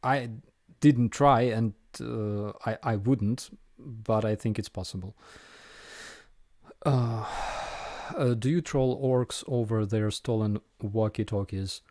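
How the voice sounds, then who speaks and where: A man's voice: on the low side, slow, darkish tone, dry recording, clean studio sound. A man with a Ukrainian accent hosting a casual live viewer Q&A, hesitant with many fillers and restarts.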